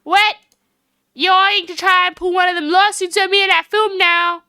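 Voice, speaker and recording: Woman streamer doing a brash country photographer, thick Southern drawl, scolding, bright and high. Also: steady tone, normal speed, no room sound, clean studio sound. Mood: indignant. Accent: exaggerated American Southern drawl. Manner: snappy, loud and scolding. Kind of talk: voicing game dialogue on a livestream.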